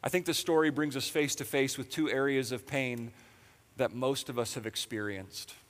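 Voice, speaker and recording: A man's voice: medium pitch, fairly even intonation, moderate pace. A man preaching a sermon in a conversational way, with sarcastic asides, in a church auditorium. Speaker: pastor. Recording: long reverb of a large hall.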